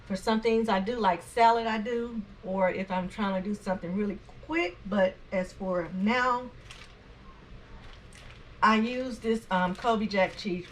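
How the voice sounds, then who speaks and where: A woman's voice: medium pitch, a little hiss or hum. Woman hosting a home cooking video, easygoing talk full of ums, with a light sizzle behind her. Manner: homey, chatty, many fillers and restarts. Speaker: cooking channel host. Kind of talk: casual home cooking tutorial. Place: home kitchen.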